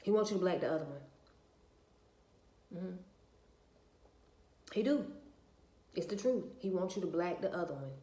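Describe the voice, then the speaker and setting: A woman's voice: fairly low pitch, expressive, moderate pace, pauses often, mellow. A woman, venting bluntly and profanely to her viewers in a casual rant. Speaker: vlogger. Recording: echoey room.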